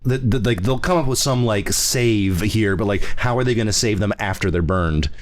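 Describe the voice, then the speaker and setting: A man with a fairly low voice co-hosts a relaxed podcast chat. He tells anecdotes with frequent chuckles and jumps up high when he acts out other people's lines. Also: moderate pace. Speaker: podcast co-host. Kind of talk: casual chat.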